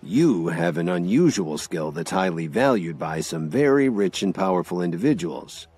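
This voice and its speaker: A man's voice: low-pitched, expressive, moderate pace, darkish tone, soft background music. A man doing a grave, ominous gang boss. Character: serious middle-aged gang leader, ominous.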